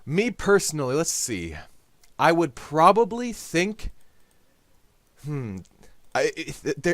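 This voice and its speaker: With a medium-pitched, slightly bright voice and no room sound, a gaming YouTuber hosts his own channel. He rambles through goofy, jokey commentary while playing, breaking into sudden silly voices.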